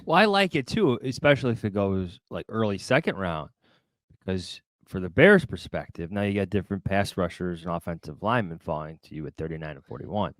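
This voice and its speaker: A man in casual sports chat, teasing, with quick interjections. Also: low-pitched, expressive, dry recording. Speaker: sports podcaster.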